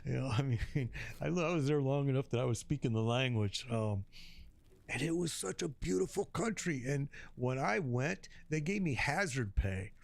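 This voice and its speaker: A man's voice: medium pitch, animated, moderate pace, gravelly, no echo. A middle-aged man from Chicago, a streamer chatting casually and telling slangy stories with frequent laughs. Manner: storytelling, laughs often, slangy. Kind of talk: casual chat. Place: home streaming setup.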